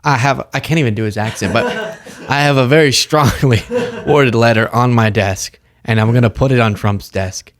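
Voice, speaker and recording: A toothless, blustering older senator, put on by a man swells with mock pomposity, proud of a sternly worded letter. The voice sits at a middle pitch. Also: normal speed, natural voice. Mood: mock-indignant.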